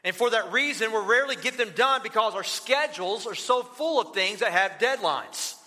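A middle-aged pastor preaches in a high, very bright voice, talking with the crowd as if in conversation. His words ring out with the long reverb of a big church hall. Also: a little fast. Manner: conversational, storytelling, joking asides. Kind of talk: sermon.

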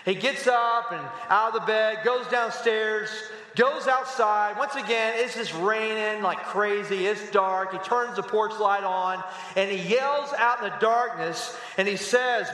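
A man preaching a sermon as pastor, telling stories with animated asides to the congregation. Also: high-pitched, measured pace. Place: church sanctuary. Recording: echoey hall with long reverb.

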